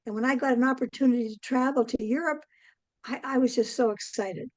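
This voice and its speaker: An older woman, a guest in an interview, telling a long story in a rambling way, with many pauses and "um"s. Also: high-pitched, no room sound, poor audio. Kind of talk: casual interview chat.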